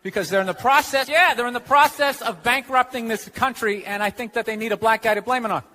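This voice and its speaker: A man doing a stand-up comedy routine on stage, ranting sarcastically and shouting his punchlines. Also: extremely high pitch, fast talker. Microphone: handheld stage mic. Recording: live stage with loud crowd laughter and noise. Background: audience laughing.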